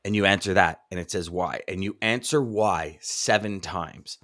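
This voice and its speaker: Male host and coach, low-pitched, animated and loose in casual live-stream talk. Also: moderate pace. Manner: animated, repeats words, reads viewer comments aloud. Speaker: podcast host and trucking coach.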